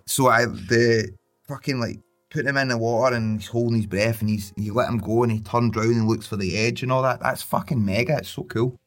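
A young man, co-hosting a podcast and telling stories about his baby in a sweary, laughing, animated chat. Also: medium pitch, brisk. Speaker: podcast co-host. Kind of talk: casual chat.

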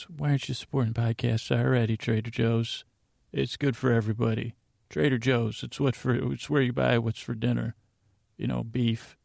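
A man's voice: medium pitch, gravelly, darkish tone, no echo, clean studio sound. A man hosting a bedtime podcast, talking in a meandering, self-interrupting way with wry asides. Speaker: podcast host. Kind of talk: rambling bedtime podcast monologue.

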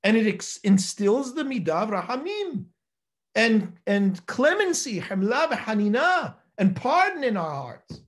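A man's voice: sits high, a little slow. A rabbi teaching a Torah class, quoting Hebrew sources and pressing his points with rhetorical questions. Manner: animated, emphatic, rhetorical questions, quotes Hebrew texts. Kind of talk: Torah lecture.

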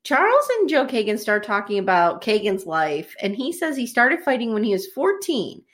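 A woman co-hosting a podcast, casually recapping a TV episode with jokey, animated storytelling. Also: a little high, moderate pace. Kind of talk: casual chat.

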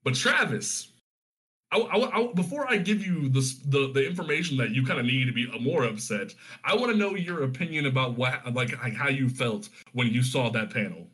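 A man retelling a comic storyline in casual chat, animated and full of profanity. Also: mid-range voice, normal speed.

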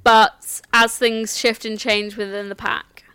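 A woman acting as game master, calmly explaining the characters and rules of a tabletop game with some restarts. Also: on the high side, slow pace, clear, resonant tone, no echo.

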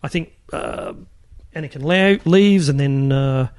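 A man's voice: on the high side, unhurried, a little mellow, smooth, dry recording. A middle-aged man, a guest in a casual interview, rambling with many restarts as he recalls his work. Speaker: guest, film puppet and props builder.

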